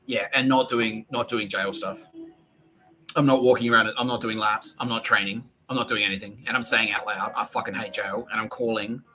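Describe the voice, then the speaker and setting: A man's voice: lowish voice, fairly even intonation, fairly quick, sharp tone, poor audio. A man podcasting alone in a rambling, profane monologue that often restarts its sentences.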